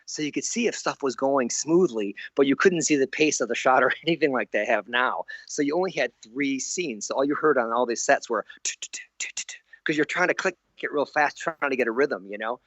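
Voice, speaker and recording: A man's voice: mid-range voice, lively intonation, brisk, fairly bright tone, dry recording, dull audio. A man in his sixties, a guest animator in an interview. He tells his stories animatedly, laughs often and acts out the voices he quotes. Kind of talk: anecdotal storytelling in an interview.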